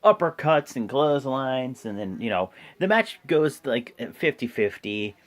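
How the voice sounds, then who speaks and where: A man's voice: medium pitch, animated, unhurried. A man giving a casual, rambling play-by-play recap. He corrects himself often and acts out the quotes. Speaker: wrestling show reviewer.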